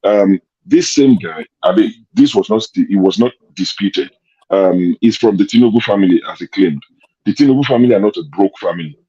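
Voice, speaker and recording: A man with a lowish, dark and husky voice makes his case in casual political commentary, firing off rhetorical questions. The audio comes over a remote call and sounds dull and lo-fi. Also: very animated, brisk. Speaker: show host.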